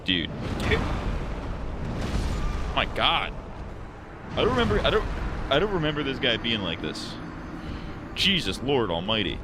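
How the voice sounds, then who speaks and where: A man's voice: medium pitch, big pitch swings, a little slow, pauses often, background noise. A young man streaming a game, joking, swearing and rambling in casual crude commentary. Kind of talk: crude live gaming commentary.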